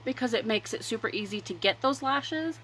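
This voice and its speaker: A woman hosting a casual makeup livestream, rambling chattily between applying mascara and pitching her products. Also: lively intonation, brisk, fairly bright tone, a little hiss or hum, rough recording. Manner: chatty and rambling, drifting between demo and sales talk. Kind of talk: casual makeup tutorial chat.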